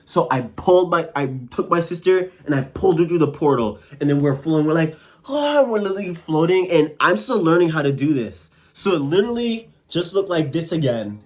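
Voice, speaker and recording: A man's voice: on the high side, brisk, hardly any pauses. Rambling young man telling a story. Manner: animated, rambling, full of fillers like "like" and "bro". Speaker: vlogger. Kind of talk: casual storytelling to camera.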